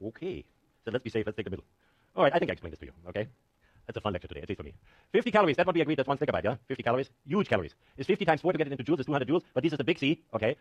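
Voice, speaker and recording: Man, professor, lecture, rapid speech, joking, dry close sound. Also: mid-range voice, no echo, lo-fi sound. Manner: joking, animated, self-mocking. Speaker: university professor. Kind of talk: classroom lecture with live demo. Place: lecture hall.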